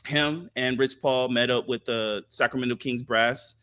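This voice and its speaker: Bright-voiced man talking sports. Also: medium pitch, steady tone. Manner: thoughtful, many filler pauses. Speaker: podcast co-host. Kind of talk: casual sports talk.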